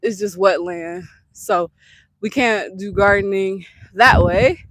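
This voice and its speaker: A woman's voice: medium pitch, slow, a bit bright, dry recording, low-quality recording. A woman giving a casual walking tour of her rural land, chatting and thinking aloud as she goes while her husband films. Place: outdoors on a rural trail. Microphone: husband's handheld camera.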